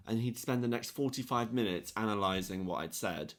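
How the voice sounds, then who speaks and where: A man's voice: on the low side, fairly quick. A young man and podcast co-host telling a story in casual chat, acting out the people he quotes. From England. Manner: animated storyteller, acts out quotes with swearing.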